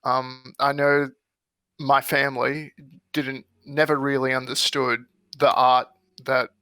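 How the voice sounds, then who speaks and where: A man role-playing his character in a tabletop game, speaking in an earnest, measured way. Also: medium pitch, flat delivery, pushed and bright, clean tone, no echo. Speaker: player.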